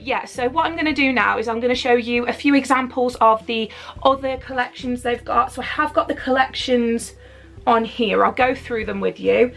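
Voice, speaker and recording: Her voice is a little high and fairly bright, with some vocal fry, as this woman from the UK vlogs a clothing unboxing at home. She rambles excitedly with fillers, a bit short of breath.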